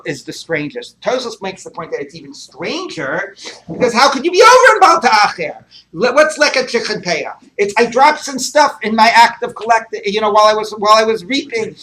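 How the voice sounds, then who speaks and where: Man, rabbi, talmud lesson, high pitched, questioning tone. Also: fairly bright tone. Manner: thinks aloud with rhetorical questions and frequent fillers. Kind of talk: Talmud class lecture.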